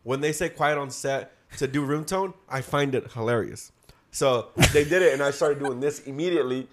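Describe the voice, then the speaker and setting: A man's voice: mid-range voice, brisk. A teenage man telling a story in casual chat among friends, swearing and laughing as he talks. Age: teens.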